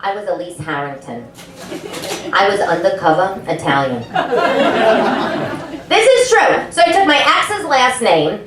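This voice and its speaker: A woman's voice: very animated, a little slow, pauses often, background noise. A woman with a New York accent doing a punchy, brash stand-up set in a comedy club. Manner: brash, punchy delivery with big pitch swings. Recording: echoey club room, mic heard from a distance.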